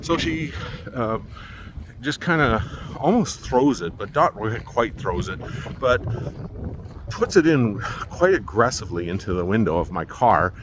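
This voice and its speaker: A man's voice: mid-range voice, sing-song, unhurried, background noise. A man telling a long story in a rambling, exasperated way and acting out what other people said. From Manitoba, Canada. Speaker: vlogger. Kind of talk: casual storytelling.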